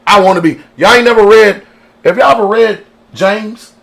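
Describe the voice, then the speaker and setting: A man's voice: high voice, moderate pace, gravelly, a bit bright. A man preaching on a radio broadcast, emphatic, throwing out rhetorical questions and drawing responses from listeners. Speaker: pastor. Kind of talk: radio sermon.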